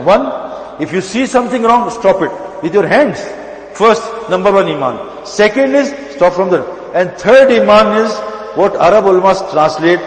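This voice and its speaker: High-voiced preacher in an echoing mosque. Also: male voice. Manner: storytelling, emphatic, repetitive phrasing. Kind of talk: sermon. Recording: echoey mosque hall.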